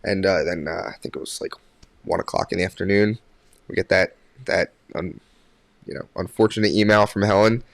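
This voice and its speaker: A young man tells a story as a podcast guest, in a voice a little lower than most. He rambles with plenty of fillers and restarts. The sound is dry and close. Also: fairly quick, vocal fry, dry recording. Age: young adult. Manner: animated when quoting others. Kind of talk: casual storytelling.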